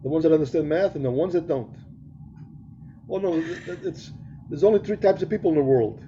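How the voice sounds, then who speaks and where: Middle-aged co-host, very dark husky voice, rambling joker, dull lo-fi call audio. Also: male voice, a little high, brisk, a little hiss or hum. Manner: joking, rambling storyteller. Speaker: podcast co-host. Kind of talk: casual chat over a video call.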